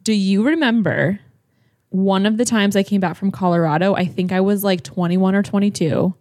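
Giggly, foul-mouthed woman co-host, a little high, rambling, on a dry close mic. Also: fairly even intonation, normal speed, a little mellow, dry recording. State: high on marijuana. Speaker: podcast co-host. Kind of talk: casual chat.

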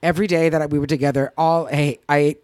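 Woman podcast co-host, casual animated storyteller, dry close mic. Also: deep voice, quick pace, no echo. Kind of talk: casual chat.

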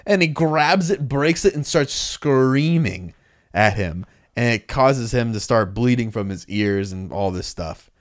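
A man's voice: medium pitch, a little slow. A man co-hosting a podcast in casual chat, animatedly retelling a comic's plot and acting out the lines. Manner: animated storytelling, acting out dialogue. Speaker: podcast co-host recapping a comic.

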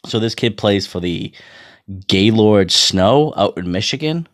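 An amateur hockey goalie in his thirties tells a rambling, profane story in a casual monologue, laughing often. His voice is fairly low with lively intonation, and he talks a little slowly.

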